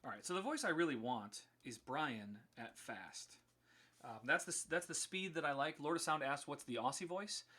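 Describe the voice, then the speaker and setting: A man's voice: on the high side, expressive, normal speed, pushed and bright. A man casually explaining his code on a live stream, chatty with many ums and restarts.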